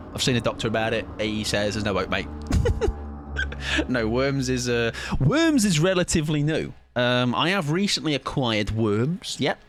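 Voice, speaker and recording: A man with a lowish voice chats casually with viewers while streaming a game, playful and rambling, often chuckling. There's noise in the background.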